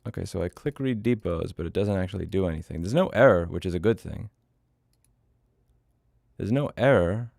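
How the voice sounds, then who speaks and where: Gravelly low-voiced man, blunt and profane. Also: normal speed, pauses often, darkish tone, dry recording, studio quality. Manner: profane, blunt, muttering to himself. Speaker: livestreamer coding. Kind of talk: casual livestream chat while programming.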